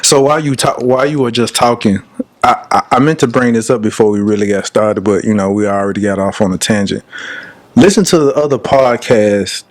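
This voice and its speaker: A man co-hosting a podcast in casual chat, animated and teasing, laughing often. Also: lowish voice, brisk. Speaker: podcast co-host.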